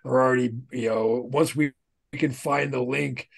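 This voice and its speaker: A man's voice: mid-range voice, fairly even intonation, normal speed, creaky. A man co-hosting a podcast, chatting casually and telling profane, rambling stories. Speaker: podcast co-host. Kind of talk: casual chat.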